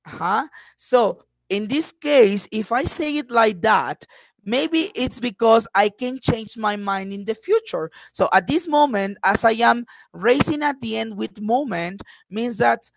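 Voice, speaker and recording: A woman for whom is not a teaches an online class, pausing often with little "uh-huh" checks. Her voice sits at a middling pitch. The sound is dry and close, with no room around it. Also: vocal fry, dry recording. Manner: frequent "uh-huh" check-ins, repeats example sentences with acted intonation. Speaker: English teacher.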